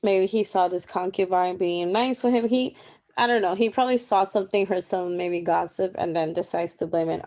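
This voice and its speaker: A woman's voice: medium pitch, normal speed, a little mellow. A young woman casually talking through a daily Bible reading, informal and chatty with many asides. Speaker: Bible reading plan presenter. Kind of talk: casual Bible study commentary.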